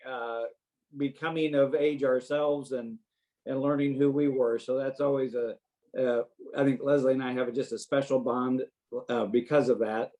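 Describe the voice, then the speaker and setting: A man on a family video call speaking haltingly and emotionally about his sister. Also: medium pitch, steady tone, mellow, poor audio. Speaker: younger brother.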